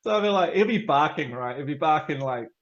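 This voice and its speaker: A man's voice: a little high, expressive, brisk, fairly bright tone, muffled recording. A man with a New Zealand accent chatting casually as a podcast guest, laughing often and filling gaps with ums. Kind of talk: casual chat.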